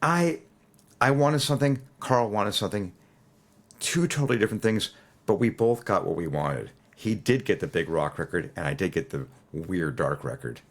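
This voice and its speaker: Deep-voiced man in his sixties, lively storyteller. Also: normal speed. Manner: animated, restarts and acts out quoted lines. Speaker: musician guest. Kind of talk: storytelling interview.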